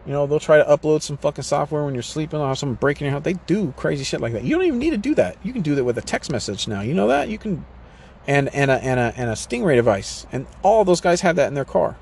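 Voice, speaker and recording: A man's voice: on the high side, sing-song, fast talker, gravelly, darkish tone, slight background noise. Profane, rambling man ranting urgently. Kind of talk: casual rant to camera.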